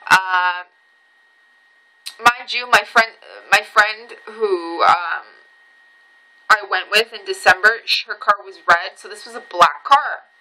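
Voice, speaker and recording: A woman's voice: mid-range voice, poor audio. A young woman telling a rambling personal story in a casual vlog, swearing freely and breaking off into asides. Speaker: vlogger.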